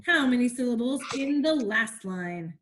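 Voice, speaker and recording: A woman's voice: fairly high pitch, expressive, unhurried, fairly bright tone, a little hiss or hum. A woman teacher leading an online class over a video call, encouraging the children and asking them questions as she explains.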